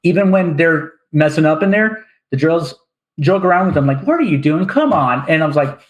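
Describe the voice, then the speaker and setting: A man's voice: a little high, lively intonation, a little fast, poor audio. A young man chatting casually on a podcast, blunt and joking. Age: young adult. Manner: blunt, joking, swears freely. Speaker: podcast guest. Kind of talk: casual chat.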